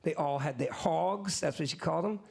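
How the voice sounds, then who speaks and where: A man in his fifties, his voice gravelly and a little husky, sits slightly high for a man. He spins a long story on stage in loose slang, talking straight to the crowd now and then. He mimics the people in his tale as he tells it. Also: fairly quick. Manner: animated, acts out other people's lines in quotes; casual slang-filled talk with asides to the audience. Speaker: musician guest. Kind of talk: live storytelling to an audience.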